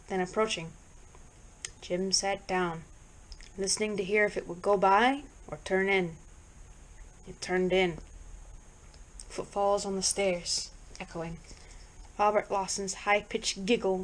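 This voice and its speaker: A woman reading a horror book aloud in a deliberate manner. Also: medium pitch, poor audio. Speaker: reader. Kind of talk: audiobook narration.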